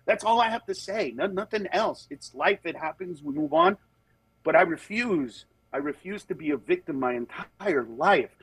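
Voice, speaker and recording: A man's voice: normal speed, gravelly, slightly rough, no echo, poor audio. A man who works as a comedian, telling stories in a candid conversation and acting out the people in them. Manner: animated storyteller, acts out voices with big pitch jumps. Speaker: comedian guest.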